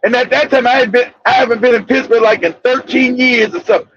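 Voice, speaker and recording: A man hosting a casual talk show, telling rambling, profane stories with bursts of shouting. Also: very high-pitched, fairly even intonation, fast talker. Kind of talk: casual storytelling chat. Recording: dull lo-fi audio.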